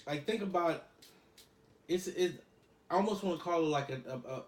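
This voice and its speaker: A man's voice: on the high side, moderate pace, echoey room. A man co-hosting a casual podcast chat, explaining his points through everyday examples. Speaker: podcast co-host.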